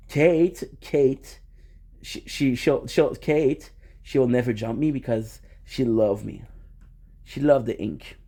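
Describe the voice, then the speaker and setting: A man's voice: medium pitch, mellow. A young man streaming, chatting casually and playfully with viewers, rambling with frequent restarts and laughter.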